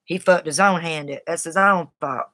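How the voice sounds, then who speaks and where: A woman's voice: sits low, normal speed, a bit bright, no room sound. Blunt, tough-talking woman telling a story. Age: adult, has a daughter. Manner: blunt and tough, Southern-sounding colloquial speech. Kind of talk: casual personal storytelling.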